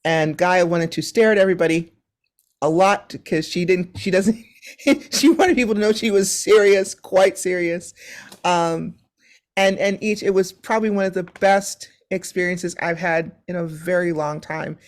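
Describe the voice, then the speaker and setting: A woman's voice: lowish voice, steady tone, unhurried. A woman speaking as a panelist on a video call, chatty and rambling, with frequent ums. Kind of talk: casual conversational sharing on a video call panel. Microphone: video call microphone.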